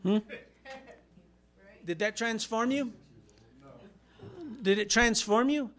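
A man preaches a sermon with a notably high-pitched voice, swinging between quiet, low asides and loud, fervent declarations. He acts out quoted voices and rises to shouts at his peaks. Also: extremely slow. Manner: impassioned preaching with acted-out quotes and rising shouts. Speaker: pastor.

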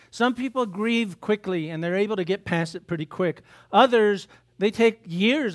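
A male pastor delivers a sermon in a fairly high voice. He talks to his congregation casually, tossing out rhetorical questions and breaking into little acted bits of biblical dialogue.

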